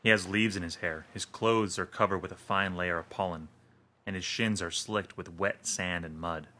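A man reading a horror story aloud in a steady, measured way. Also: deep voice. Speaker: narrator. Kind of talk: scripted horror narration.

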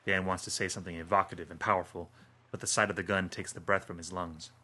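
A man reading a horror story aloud in a steady, measured way. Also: sits low, slightly rough. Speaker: narrator. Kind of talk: scripted horror narration.

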